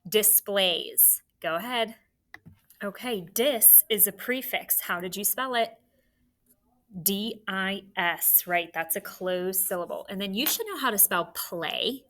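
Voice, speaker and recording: A woman's voice: medium pitch, takes it slowly, fairly bright tone. A woman teaching a phonics lesson, patiently dictating words and sounds and encouraging young students.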